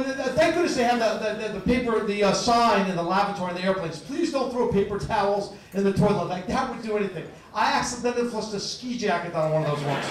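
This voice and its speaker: A man in his fifties from New Jersey doing a stand-up comedy set, stammering and restarting before dry, self-deprecating punchlines. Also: sits high. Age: 50s. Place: comedy club stage. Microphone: stage mic in a club. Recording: echoey club recording from far off, crowd noise. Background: audience laughter.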